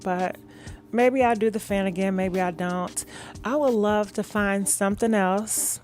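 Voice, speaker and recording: A woman hosts a live gossip stream in a calm, soft, unhurried voice, taking her time between words. She chats casually and reads viewer comments aloud, filling pauses with "all right" and "mm-hmm". Faint music plays quietly underneath. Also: mid-range voice. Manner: calm, soft-spoken talk instead of her usual yelling; chatty, with many fillers like "all right" and "mm-hmm". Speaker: gossip show host.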